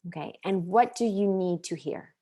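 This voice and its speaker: A woman's voice: mid-range voice, normal speed, mellow, breathy edge. A woman in her thirties teaching an online parenting class, earnest and full of questions, sharing personal stories. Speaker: parenting coach.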